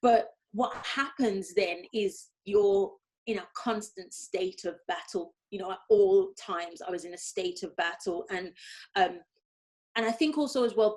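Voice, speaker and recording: A woman's voice: mid-range voice, darkish tone. A woman from Birmingham with a light Brummie accent, a guest speaking candidly in an interview, reflective, often restarting and repeating her phrases. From Birmingham, England.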